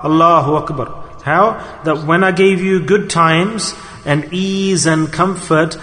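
Guy preaching, high voice, lots of rhetorical questions, big echoey hall. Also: a bit bright. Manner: earnest, rhetorical questions, acts out pleading prayers. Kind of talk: sermon.

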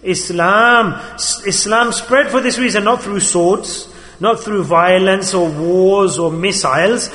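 Male preacher, sharp and bright tone, sermon with story asides, long hall echo. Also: high-pitched, takes it slowly. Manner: storytelling preacher, switches between loud emphasis and quiet asides.

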